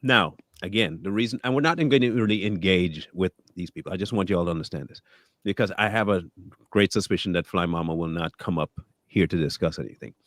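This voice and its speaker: A man's voice: deep voice, brisk, fairly bright tone, dry recording. A man co-hosting a live talk stream, speaking casually and animatedly, acting out quoted voices and laughing often. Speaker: co-host.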